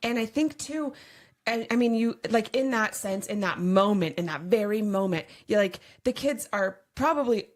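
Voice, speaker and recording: A woman's voice: mid-range voice, lively intonation, normal speed. A woman co-hosting a podcast, agreeing and reflecting in casual chat. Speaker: podcast co-host.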